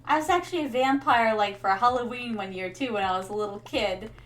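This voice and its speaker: A woman's voice: fairly high pitch, a little fast, a bit bright. A young woman streaming a game in casual, rambling chat, playing a playful royal persona who calls her viewers her darlings. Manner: rambling, many fillers.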